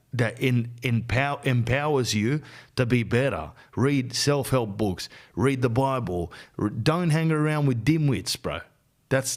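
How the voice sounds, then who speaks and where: An Australian man hosting a podcast, giving blunt, slangy life advice in a casual monologue. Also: mid-range voice. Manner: blunt and slangy, keeps calling the listener "bro". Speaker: podcast host.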